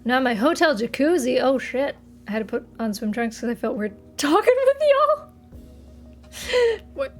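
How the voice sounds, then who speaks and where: A woman's voice: sits high, big pitch swings, moderate pace, faint music behind. A young woman streamer in casual chat, reading viewers' messages aloud and laughing often. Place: home streaming setup.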